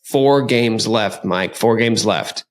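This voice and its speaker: A man hosting a casual sports podcast, talking in an energetic, joking way. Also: on the low side, slow. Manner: energetic, hyped, jokey. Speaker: podcast host.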